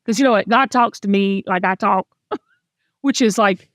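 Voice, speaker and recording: A middle-aged woman with a Southern US accent, hosting a podcast in a chatty, animated storytelling way. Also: medium pitch, normal speed, no echo, clean studio sound. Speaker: podcast host. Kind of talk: casual chat.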